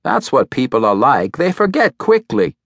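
A man's voice: medium pitch, very animated, moderate pace, a bit bright, husky, no echo, studio quality, full character voice. A man voicing a scornful elderly woman who rants and scolds, in an audiobook reading. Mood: ranting. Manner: scolding, complaining rant.

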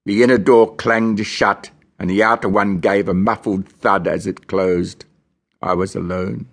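A man from Australia reads a novel aloud in the first person, measured and grim. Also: fairly low pitch, steady tone. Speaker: audiobook narrator.

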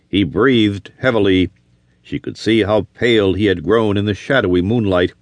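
A man's voice: fairly low pitch, moderate pace, dry recording. A man reading a western novel aloud as an audiobook narrator, telling the story expressively. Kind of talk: scripted narration.

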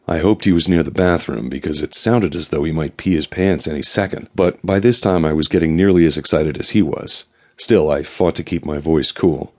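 A man reading a first-person novel aloud as audiobook narrator, with a dry, wry, even delivery. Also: very deep voice, normal speed.

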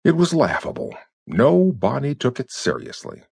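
A man voicing a nervous, muddled male FBI chief who turns fretful and sharp, in a storybook reading. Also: medium pitch, huge pitch swings, moderate pace, vocal fry, breathy edge, no room sound, clean studio sound, voice pushed up, full character voice. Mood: brooding.

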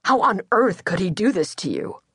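A woman's voice: mid-range voice, sing-song, normal speed, a bit bright, breathy edge, dry recording, heavily acted. A woman voicing an adult man, a joking and dramatic twin brother who teases his sister. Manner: teasing, theatrical. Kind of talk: audiobook character voice. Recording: dry studio.

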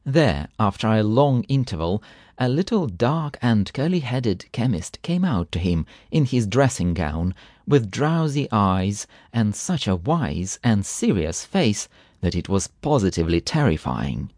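A man reading a classic short story aloud as audiobook narrator, expressive and unhurried. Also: lowish voice, no echo, studio quality. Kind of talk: scripted narration.

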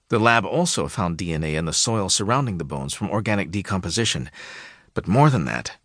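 A male audiobook narrator voicing a nervous woman scientist who speaks quietly and hesitantly. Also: low voice, slightly rough, no echo, studio quality. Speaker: storybook character in an audiobook.

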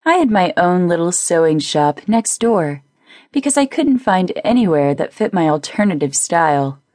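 A woman narrating a first-person audiobook in a lively, playful way on a close studio mic. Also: fairly low pitch, normal speed, no echo.

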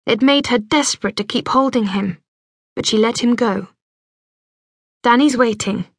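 A woman reading an audiobook in scripted narration, measured and gentle, close to a studio mic. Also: fairly high pitch, no echo.

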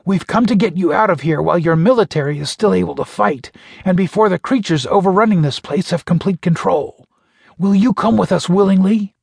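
A man's voice: high voice, a little fast, gravelly, breathy edge, no room sound, clean studio sound, pitched above the performer's own voice, exaggerated voice. A man voicing a stern alien soldier. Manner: stern, commanding, clipped. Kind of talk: audiobook character voice.

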